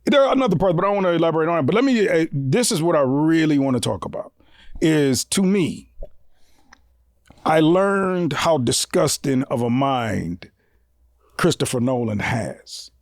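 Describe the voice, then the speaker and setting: A man co-hosting a casual movie review podcast, talking with profane, animated energy and bursts of loud laughter. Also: a little high, normal speed, dry recording, clean studio sound. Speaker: podcast co-host.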